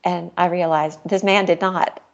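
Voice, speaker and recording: Woman, middle-aged, podcast guest, earnest, candid storytelling, light laughs, lower pitch. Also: fairly even intonation, normal speed, creaky, muffled recording. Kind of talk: personal storytelling in casual chat.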